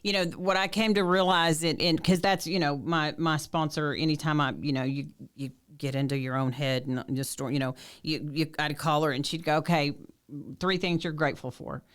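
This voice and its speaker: Smooth-voiced affirming woman host. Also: low voice, fairly even intonation, moderate pace, hardly any pauses. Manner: affirming, many fillers. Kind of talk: casual chat.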